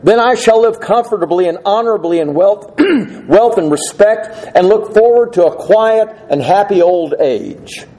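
A man's voice: high-pitched, lively intonation, measured pace, hardly any pauses, dark tone, voice pushed up. A man voicing an eager, ambitious young male law student in a story told from the pulpit.

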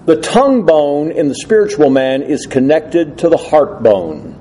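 A man's voice: a little high, sing-song, a little slow, hardly any pauses, warm tone, slight background noise, low-quality recording. A male preacher giving an earnest, emphatic expository sermon laid out in numbered points.

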